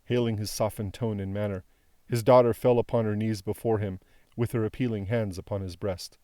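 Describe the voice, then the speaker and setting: A man narrating a classic novel as an audiobook reader, in a measured, solemn way. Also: on the low side, steady tone, mellow, no room sound, clean studio sound.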